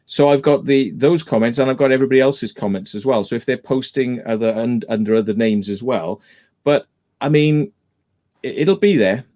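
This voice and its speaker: A man hosts a live stream in loose, casual conversation. He speaks at a middling pitch and makes his case emphatically, circling back to the same points again and again. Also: moderate pace, warm tone. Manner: emphatic, repeats his points while retelling a dispute.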